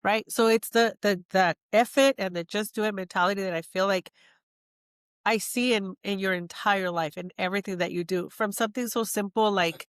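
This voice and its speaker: A woman hosts a podcast and reflects warmly on her guest, talking in a relaxed, conversational way. She laughs easily between her points. Her voice is close and dry. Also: mid-range voice, moderate pace, clean tone, no room sound. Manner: reflective, laughs often, sums up the guest's traits. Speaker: podcast host. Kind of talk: casual interview conversation.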